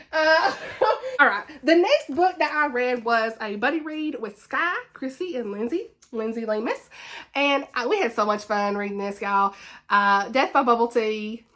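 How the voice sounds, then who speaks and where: A woman with a high, bright voice talks through a casual book wrap-up vlog. She rants with animation, laughs often, and keeps chatting with plenty of "like" and restarts. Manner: chatty, with many fillers and repeats. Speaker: book reviewer, channel host.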